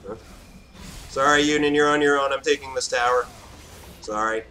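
A man casually commentating his own online match, excitable, swinging between low muttering and sudden shouts. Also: normal speed, a little hiss or hum.

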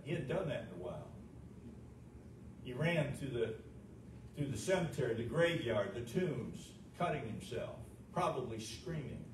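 Male pastor, emphatic sermon delivery; higher-pitched, recorded far off in an echoey church. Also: a little mellow. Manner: emphatic preaching with rhetorical questions. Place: church sanctuary. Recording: echoey room, distant mic, noisy.

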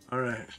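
A man hosting a co-op cooking game, energetically calling out orders and teasing his teammates. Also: darkish tone. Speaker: host. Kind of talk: playing a cooking game with friends.

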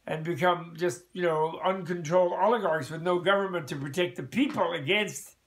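Older american guy rambling through a casual teaching, gravelly voice, keeps restarting and chuckling. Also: high-pitched, normal speed. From United States. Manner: rambling, chuckling, with frequent restarts and "you know". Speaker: podcast host and Buddhist teacher.

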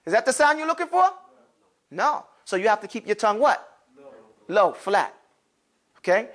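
A man whose voice sits high leads a class on Arabic letters at a moderate pace. His energetic style has him quizzing students, calling on them by turn, answering his own questions, and slipping in casual slang.

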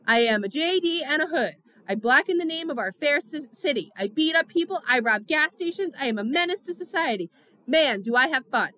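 A woman's voice: sits high, expressive, fairly quick, pushed and bright, no echo, pitched above the performer's own voice. A woman voicing a playful teenage boy who chants and teases. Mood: chanting. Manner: chanting, teasing.

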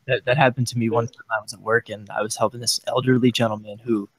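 A man chiming in on a casual chat show with quick, offhand remarks. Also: medium pitch, flat delivery, slight background noise, poor audio.

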